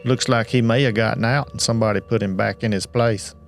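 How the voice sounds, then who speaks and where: A man's voice: lowish voice, fairly even intonation, brisk, creaky, soft background music. A man voicing a creepy rural male neighbor who talks in a curt, insinuating way.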